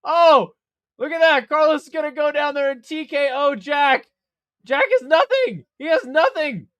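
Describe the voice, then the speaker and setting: A man hosting a live fight commentary stream from home, excitable and profane, laughing often. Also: very high-pitched, normal speed, dry recording, dull audio. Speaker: host.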